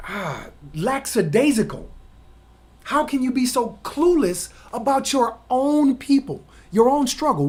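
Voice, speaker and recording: A man hosting his own channel, delivering an opinion monologue in an emphatic, lecturing way with rhetorical questions. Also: sits high. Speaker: channel host.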